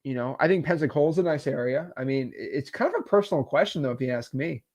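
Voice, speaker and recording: A man explains cold-calling tactics in a relaxed, conversational way. His voice sits a little high and moves around a lot in pitch, full of quick asides and easy laughs. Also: dry recording. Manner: animated, chatty, quick asides and frequent laughs. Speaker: real estate cold-calling coach. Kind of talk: casual instructional talk.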